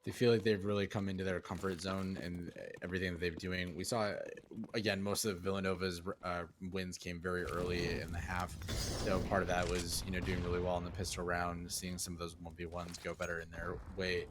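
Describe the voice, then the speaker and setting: A man breaking down a live esports match as color commentator, his voice very low and flat, with little rise and fall. He talks in a measured way, leaning on filler uhs, over a clear background hiss.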